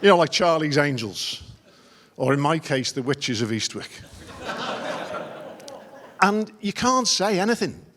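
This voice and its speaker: A man's voice: a little high, very animated, measured pace, pauses often, fairly bright tone. A middle-aged man doing a stand-up routine as an after-dinner comedian, telling wry, self-deprecating stories. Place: large conference dinner hall. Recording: long reverb of a large hall.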